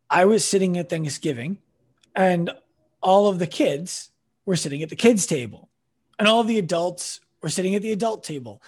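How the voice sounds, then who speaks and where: Raspy, high-voiced man explaining. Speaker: chiropractor and podcast guest. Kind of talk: conversational interview answers.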